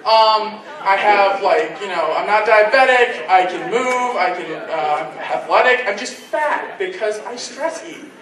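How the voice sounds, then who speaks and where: A man's voice: high-pitched, lively intonation, a little slow, few pauses, crowd noise. A man doing a crude, self-deprecating amateur stand-up set at a convention. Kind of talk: live stand-up comedy. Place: convention stage. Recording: echoey room from far off.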